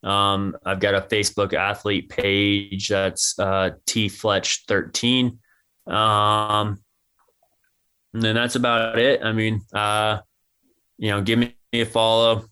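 A man's voice: lowish voice, slow, clear, resonant tone. A young man answering interview questions casually, with lots of "um" and "you know". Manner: relaxed, many "um" and "you know". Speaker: interview guest, athlete.

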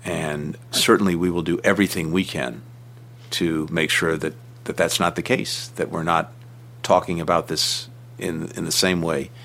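A man, a senior official, giving measured interview answers with emphatic stresses and frequent restarts. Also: low voice, fairly bright tone.

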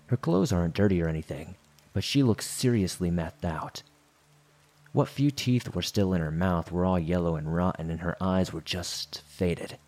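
A man narrating a first-person horror story in a steady, scripted delivery. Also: sits low.

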